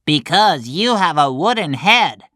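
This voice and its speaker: A woman voicing a hundred-year-old talking cricket who lectures slowly and sternly. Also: low-pitched, big pitch swings, a bit bright, dry recording, studio quality, pitched above the performer's own voice, full character voice. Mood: scolding. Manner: slow, scolding and lecturing.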